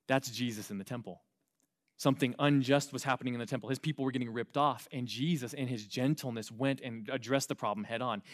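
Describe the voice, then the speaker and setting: A young adult man from the United States preaching an earnest sermon to young people, swinging between loud emphasis and quiet asides. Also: mid-range voice. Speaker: youth pastor.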